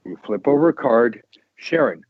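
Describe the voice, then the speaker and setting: A man hosting a casual tarot chat, talking in a loose, rambling way and often restarting his sentences. His voice sits at an ordinary middle pitch. The recording is dull and lo-fi, with very little room sound. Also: normal speed, husky, dry recording. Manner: rambling, animated, with many restarts. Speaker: tarot podcast host.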